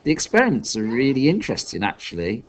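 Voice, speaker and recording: A man voicing a sharp-tongued, impatient young girl inventor who talks scornfully and hisses her warnings. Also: medium pitch, huge pitch swings, fast talker. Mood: exasperated. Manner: scornful, hissing, exasperated.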